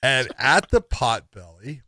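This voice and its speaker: Guy cohosting a fight podcast, laughs a lot, middle pitch, dry mic. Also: slow, no echo. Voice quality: animated storyteller, laughs often. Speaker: podcast co-host. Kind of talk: casual chat.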